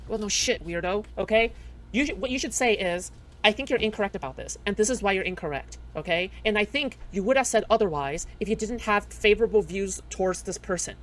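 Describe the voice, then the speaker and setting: Heated fast-talking woman streamer. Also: medium pitch, expressive. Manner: heated, profane, repeats "okay?" constantly. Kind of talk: livestream reaction rant.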